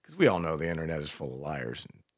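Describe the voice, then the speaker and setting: A man's voice: very deep voice, big pitch swings, quick pace, husky, no echo, clean studio sound. An older man co-hosting a radio show, telling rambling stories full of swearing in casual banter. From Washington, D.C. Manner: profane, rambling storyteller. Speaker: radio co-host.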